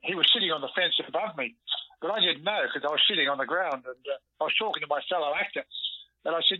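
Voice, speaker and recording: An older man with an Australian accent phones in for an interview, telling animated stories. The line sounds dull and lo-fi, with no room sound at all. His voice sits a little high for a man. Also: quick pace, breathy edge, no room sound. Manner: animated anecdotes, acts out quoted lines. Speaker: guest actor. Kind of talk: storytelling interview.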